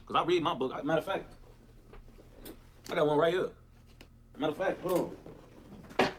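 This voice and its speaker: A man's voice: a little high, a little fast, long pauses, slight background noise. A man delivering a profane, repetitive livestream rant. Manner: animated, repetitive, cursing.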